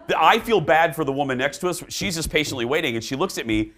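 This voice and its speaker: Lively high-voiced male talk show host. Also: fast. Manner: animated storyteller acting out dialogue. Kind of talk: casual talk show chat.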